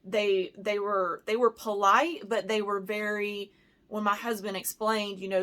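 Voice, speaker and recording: Brief: American woman vlogger, casual storytime, worked up, filler-heavy, mid-pitched. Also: steady tone, a little slow, fairly bright tone. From United States. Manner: heated and emotional, with many "like" and "you know" fillers. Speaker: handbag vlogger.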